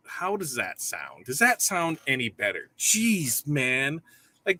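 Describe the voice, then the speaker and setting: Upbeat husky man hosting a morning livestream. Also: mid-range voice, normal speed. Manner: energetic, upbeat, greets viewers by name. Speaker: livestream host. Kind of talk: casual live morning show chat.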